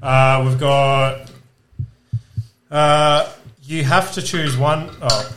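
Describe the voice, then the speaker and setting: A man's voice: mid-range voice, fairly even intonation, drawn-out words, noisy background. A man hosting a casual podcast, laid-back and swearing freely, with hesitant fillers. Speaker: podcast host.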